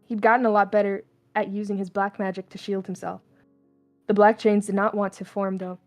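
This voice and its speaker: A woman's voice: mid-range voice, a little mellow. Casual young woman reading fan fiction aloud. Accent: mixed, slipping toward Southern US. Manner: casual, stumbling, laughing asides.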